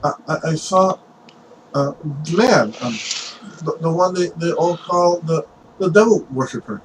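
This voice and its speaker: A man's voice: on the high side, normal speed, recorded from a distance, noisy background, natural voice. A man voicing a nervous, stammering young clergy boy in a tabletop game. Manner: stammering, jumpy.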